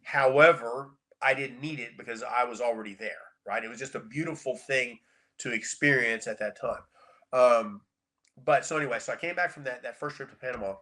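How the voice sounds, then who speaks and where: A middle-aged man with a bright, forward voice tells stories as a podcast guest. He talks casually and with animation, often repeating words for emphasis, in a middle-pitched voice. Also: moderate pace. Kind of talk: casual storytelling interview.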